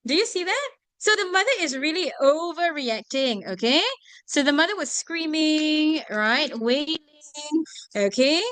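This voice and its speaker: Lady teaching english to a class, high voice that jumps all over, keeps asking if they follow. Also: a little slow, no room sound. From Singapore. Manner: checks in often with students, animated. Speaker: English tutor. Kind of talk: classroom vocabulary lesson.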